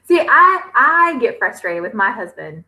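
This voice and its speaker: Woman in her 30s, bright voice, rambly livestream chat with lots of ums. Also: fairly high pitch, very animated, rough recording. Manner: chatty, with many fillers and drawn-out pauses. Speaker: homestead vlogger hosting a livestream. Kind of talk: casual livestream chat, reading comments aloud.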